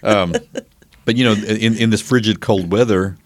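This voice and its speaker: An easygoing man with an Oklahoma accent, talking in a low, unhurried voice as he muses aloud with plenty of fillers. He sounds close to the mic in a dry, dead studio, chatting casually as a radio co-host. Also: fairly even intonation, no room sound. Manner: musing, easygoing, many fillers. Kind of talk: casual chat.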